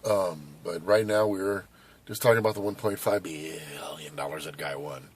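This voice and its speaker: A man in his forties from Southern California, chatting casually and rambling to camera as a vlogger, hyperactive and animated, outdoors at a skate park. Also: low-pitched, normal speed, background noise. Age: 40s. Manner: hyperactive, animated, loose and conversational with many asides.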